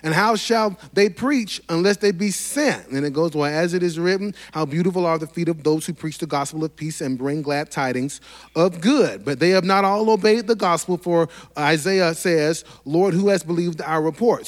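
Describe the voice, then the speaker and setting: A man with a notably high-pitched voice delivers a sermon to his congregation. He preaches fervently and rhythmically, with repeated phrases and direct calls to the church. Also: animated, normal speed. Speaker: pastor.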